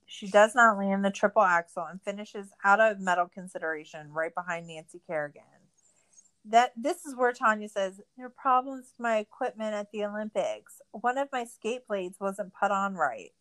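A woman's voice: mid-range voice, expressive, moderate pace, fairly bright tone. A young woman co-hosting a podcast, ranting in a casual, profane, sarcastic recap. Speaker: podcast co-host.

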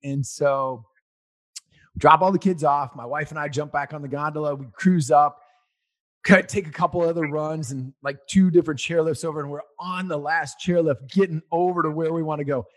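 Animated storytelling man, slightly high voice. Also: moderate pace. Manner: rambling and animated, gets loud reliving an argument. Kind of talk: casual personal storytelling.

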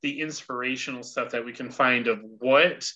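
Male podcast host, very bright tone, lively and chatty, breaks into laughs. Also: mid-range voice, moderate pace, low-quality recording. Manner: animated, laughs often, voices quotes. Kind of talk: casual chat.

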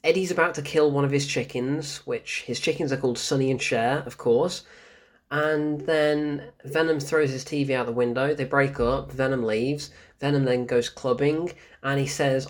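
A man's voice: mid-range voice, normal speed. A man giving a casual spoken film review, ranting in exasperation, swearing often and laughing in disbelief.

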